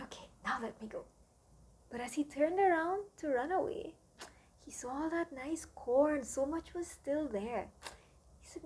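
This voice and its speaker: A woman teaching children with a story, gentle and often dropping to hushed asides. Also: high-pitched.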